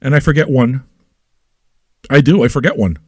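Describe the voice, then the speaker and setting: A man hosting an independent online radio show, ranting crudely and loudly at his listeners and repeating himself as he goes. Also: mid-range voice, normal speed, breathy edge, no echo, clean studio sound. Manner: loud, manic and crude, with yelling and repetition; talks straight at listeners with repeated questions. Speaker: internet radio host. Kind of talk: profane ranting monologue.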